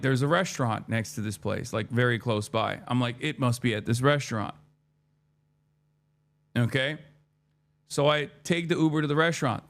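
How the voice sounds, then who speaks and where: Male streamer, thirties, mid-pitched, rambling profane storytime chat with acted-out quotes. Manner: rambling, profane, animated retelling with quoted dialogue.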